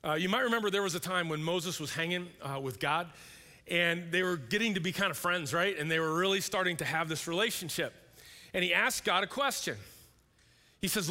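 Guy preaching in a church, chatty and animated, bright forceful voice, big echoey hall. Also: high-pitched, brisk. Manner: conversational, animated, acts out voices. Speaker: pastor. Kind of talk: sermon. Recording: long hall reverb.

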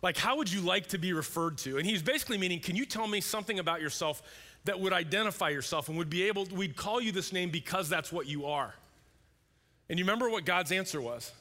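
A male pastor preaching a sermon in a conversational, animated way, sometimes acting out voices. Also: high voice, quick pace. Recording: long hall reverb.

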